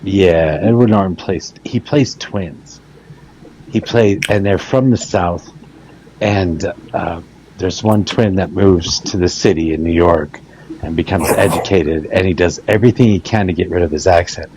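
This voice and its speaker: Deep voiced guy hosting a voice chat, teasing folks, rambly stories, bit of hiss. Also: unhurried, darkish tone, low-quality recording. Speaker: debate show host. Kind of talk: casual voice-chat banter. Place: online voice chat.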